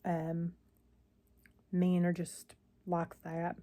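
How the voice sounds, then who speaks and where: A woman's voice: lowish voice, completely flat delivery, drawn-out words, dark tone. An older woman vlogging into her phone, chatting in a rambling, weary way with frequent sighs. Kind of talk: casual chat to camera.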